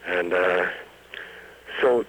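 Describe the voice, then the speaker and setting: A man telling a story in an interview, slow and halting, with many fillers. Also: deep voice, a bit bright, slight background noise, rough recording. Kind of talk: oral-history storytelling.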